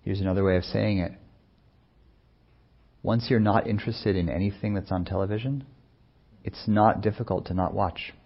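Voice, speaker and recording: A man speaking as a meditation teacher in a soft-spoken, unhurried, musing way, with many pauses. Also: on the low side, vocal fry, dull audio. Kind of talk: reflective dharma talk.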